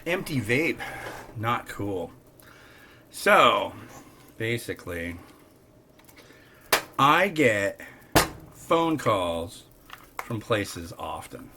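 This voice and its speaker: A man's voice: lowish voice, sing-song, extremely slow, pauses often. A middle-aged man chatting casually in a rambling, wry way while cooking in his home kitchen. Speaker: host. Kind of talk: casual cooking vlog chat. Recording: noisy kitchen with clicks and crinkling.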